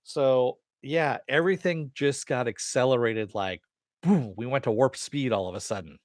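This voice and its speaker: A young adult man talks through a recap in a loose, offhand way, full of fillers and the odd curse. His voice sits at an ordinary middle pitch. The sound is dry and close, with no room around it. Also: moderate pace, dry recording. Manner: loose storytelling that paraphrases characters' lines; frequent fillers and casual swearing. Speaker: podcast host recapping a TV episode. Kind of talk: casual recap and review.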